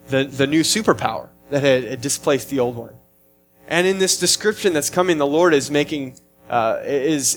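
Earnest man preaching, slightly high voice. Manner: earnest, emphatic preaching with frequent restarts. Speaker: pastor. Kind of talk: sermon.

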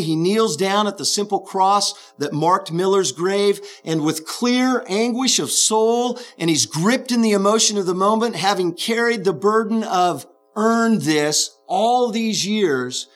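A man's voice: high voice, a bit bright. A man preaching a sermon, earnestly retelling a film scene as an illustration.

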